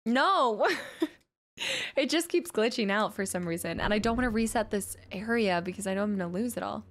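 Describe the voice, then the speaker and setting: A woman streaming a video game, chatting and reacting excitedly as she plays. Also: medium pitch, a little fast. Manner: chatty, excitable, jumps between chat and gameplay. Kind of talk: live-stream chat while playing.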